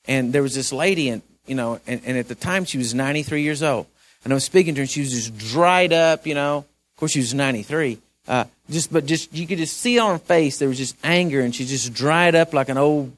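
A man preaching a sermon to his church, earnestly moving between hushed storytelling and raised exhortation, often repeating words as he presses a point. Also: mid-range voice. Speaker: pastor.

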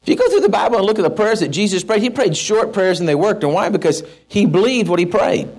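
A middle-aged man preaching a sermon in a folksy, animated way, with asides to the congregation. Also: high-pitched, fast. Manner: folksy, animated, with asides and shouted mock-rants. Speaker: pastor.

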